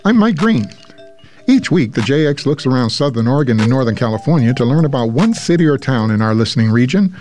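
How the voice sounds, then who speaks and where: A man's voice: mid-range voice, very animated, fast talker, darkish tone, soft background music. A man hosting a public radio show, asking his guest questions in a friendly, conversational way. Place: radio studio. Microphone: studio mic.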